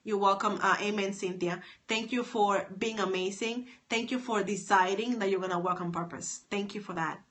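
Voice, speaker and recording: With a fairly bright, mid-range voice and fairly even intonation, this stylist and author speaks at a moderate pace with few pauses. She hosts an upbeat phone livestream, greeting viewers by name and often saying things more than once.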